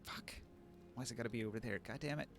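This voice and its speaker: A man's voice: medium pitch, fast, music in the background. A man with a Pacific Northwest accent giving sardonic live commentary as he plays a game, swearing often. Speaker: game streamer.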